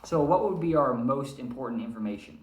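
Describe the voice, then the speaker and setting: A man teaching a recorded grammar lesson, his voice sitting at an ordinary middle pitch. He walks through each point patiently and keeps checking in with "all right?". The sound is roomy and echoey, as if captured in a room with a whiteboard. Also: animated, fairly quick, darkish tone. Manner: explains step by step, often checks in with "all right?". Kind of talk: recorded language arts lesson.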